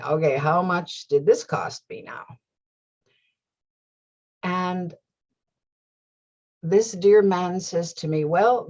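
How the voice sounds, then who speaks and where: A middle-aged woman recounts a personal story to her viewers, laughing often and performing her own inner voices. Her voice sits low and a touch husky. The recording is a little dull. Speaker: host. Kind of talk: storytelling monologue.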